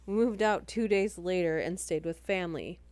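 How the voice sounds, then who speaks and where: A woman's voice: fairly low pitch, moderate pace, a little mellow, dry recording. A woman chatting casually on a live stream between horror story readings. She rambles and interrupts herself as she talks.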